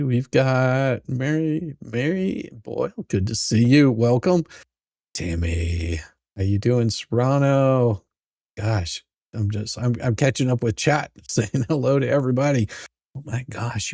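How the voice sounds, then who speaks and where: Man, middle-aged, livestream host, greets chat by name, chuckly, gravelly voice, dry sound. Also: mid-range voice, warm tone, no room sound. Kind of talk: casual live-stream chat.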